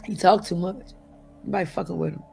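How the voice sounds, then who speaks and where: A woman's voice: on the low side, fairly even intonation, fast, vocal fry, mellow, husky, faint music behind. A middle-aged woman as an interview guest, talking bluntly and profanely, with mocking impressions of other people. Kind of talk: casual interview talk.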